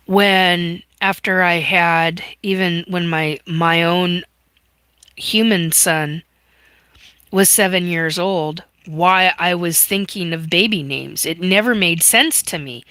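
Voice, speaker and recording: A middle-aged woman hosting a livestream, talking haltingly and getting choked up and sniffly as she tells her story and reads out viewer comments. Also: fairly low pitch, pushed and bright, clear, resonant tone, no echo. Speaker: livestream host. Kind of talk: emotional livestream monologue. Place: home livestream.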